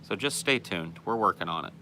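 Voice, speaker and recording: A man hosts a podcast in offhand, sarcastic casual chat, reading out listener comments and swearing freely. His voice sits on the low side but comes across bright and forceful. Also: animated, brisk, slight background noise.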